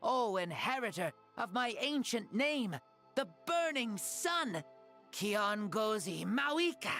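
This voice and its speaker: A proud, ancient warrior spirit in a boy's body, declaims in a solemn game cutscene. His pitch leaps and falls with lively sweep, and faint music plays underneath. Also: takes it slowly, full character voice.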